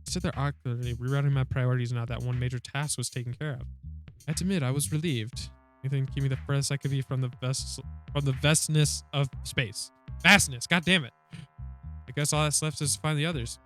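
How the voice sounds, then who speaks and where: A man's voice: mid-range voice, fairly even intonation, brisk, fairly bright tone, faint music behind. A man reading a story game aloud, joking and swearing between lines. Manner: jokey, swears, laughs at himself. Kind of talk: reading and reacting to a narrative game.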